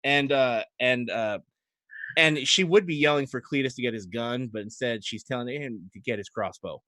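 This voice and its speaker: A man running a tabletop game as game master, narrating with animated, chuckling energy and frequent hesitations. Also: medium pitch, moderate pace, no room sound.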